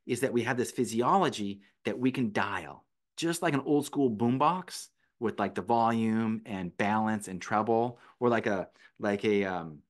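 A man who teaches meditation and breathing, a podcast guest patiently explaining his methods step by step in conversation. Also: medium pitch. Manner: patient, explanatory, walks through steps one by one.

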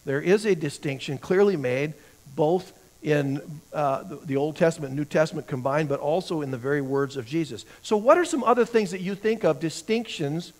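Fairly high-voiced man teaching a Bible class. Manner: asks the class questions and answers them himself; halting, repeats words while thinking. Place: church classroom.

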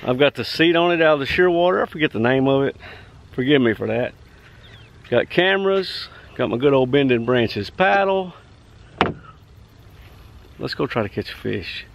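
A man's voice: medium pitch, moderate pace, creaky, pauses often. Folksy man on a lake. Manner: rambling, self-correcting, folksy. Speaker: fishing vlogger. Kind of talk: casual outdoor vlog narration. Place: kayak on a lake outdoors. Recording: distant, muffled outdoor camera audio.

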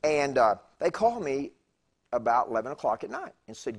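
A husky-voiced man in his fifties preaches as a guest speaker in a church. He talks in a chatty, rambling way, often restarting his sentences. His voice sits at a middle pitch. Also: sing-song, fairly quick. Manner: chatty, digressive, with stammered restarts. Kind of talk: conversational sermon storytelling. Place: church sanctuary.

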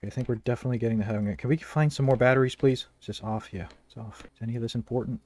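A man doing let's play commentary on a horror game, excitable, repeating phrases over and over and swinging between low mutters and loud outbursts. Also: very fast. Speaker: gameplay commentator.

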